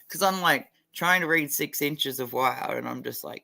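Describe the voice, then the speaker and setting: A man's voice: mid-range voice, slow pace, gravelly, pauses often, bright, forceful tone. A man chatting casually on a livestream, blunt and heavily profane, a little drunk and stoned. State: tipsy and stoned.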